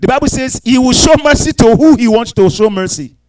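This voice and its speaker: High-voiced fervent man preaching. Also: lively intonation, brisk, poor audio. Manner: fervent, rising to shouted scripture; mock voices of people and God. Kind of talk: sermon.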